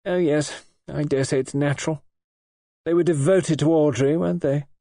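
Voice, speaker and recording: A man's voice: a little high, steady tone, moderate pace, creaky, warm tone, no echo, clean studio sound, voice pushed up. A man reading an audiobook and voicing a petulant, spoiled young wife in a coaxing, sulky, lightly raised voice. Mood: resentful.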